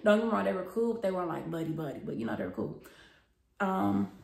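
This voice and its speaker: A woman's voice: fairly low pitch, very animated, fast talker, vocal fry, a little mellow. A young woman vlogger telling a story in casual chat, talking straight to her viewers and swearing freely. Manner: chatty and profane, addresses viewers as y'all. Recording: roomy echo.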